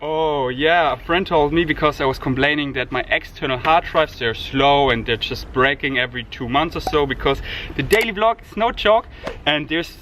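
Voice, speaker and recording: A man's voice: a little high, normal speed, noisy background. A man chatting casually in a daily vlog, playful and jokey. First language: German. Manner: playful, jokey, animated asides. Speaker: vlogger. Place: home kitchen indoors. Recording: roomy home camera audio.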